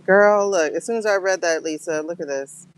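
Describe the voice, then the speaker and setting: A woman's voice: on the low side, normal speed, rough recording. A woman giving a livestream tarot and pendulum reading, talking to her viewers in an emotional, exclaiming way.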